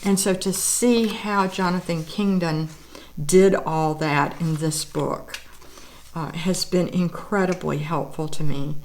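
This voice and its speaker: A woman's voice: fairly low pitch, steady tone, slow pace, a little mellow, a little hiss or hum. A woman artist talking through her art book collection, gushing with admiration and audibly teary, lingering on words of praise. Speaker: artist and vlogger. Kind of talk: casual show-and-tell of art books.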